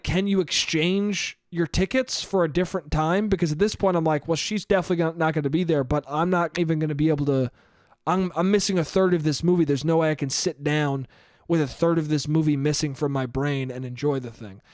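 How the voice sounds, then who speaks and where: A young man hosting his own podcast, telling a personal story in an animated casual monologue full of swearing and acted-out thoughts. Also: fairly high pitch, dry recording, clean studio sound. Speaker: podcast host.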